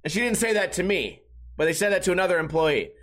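A man's voice: high-pitched, fast. A man hosting a podcast, telling a casual story with lots of swearing and acted-out voices and sound effects. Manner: profane, animated, acts out people and sound effects. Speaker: podcast host.

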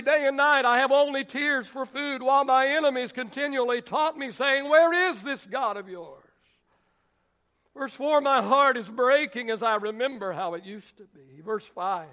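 In a church sanctuary, a male pastor with a very high voice preaches a sermon, reading scripture and praying. He speaks in a deliberate, emphatic way that at times swells into shouts.

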